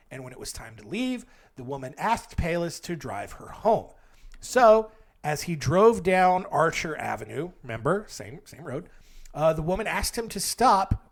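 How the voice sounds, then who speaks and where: A man hosts a casual storytelling podcast, reading out ghost tales and breaking off into wry asides. His voice is fairly high and swings widely in pitch. He pads his sentences with fillers as he goes. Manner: wry, digressive, with frequent fillers. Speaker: podcast host.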